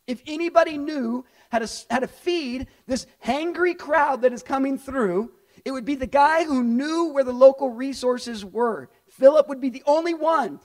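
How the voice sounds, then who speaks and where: Speaking straight to his congregation, a middle-aged man preaches as their pastor, slipping into character voices for the figures in his story. His voice is very high, and his delivery is animated and conversational at a moderate pace.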